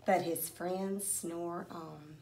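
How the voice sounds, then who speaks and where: A woman teacher reading a rhyming children's storybook aloud, expressive and rhythmic. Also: on the low side, very slow, gravelly, slight background noise.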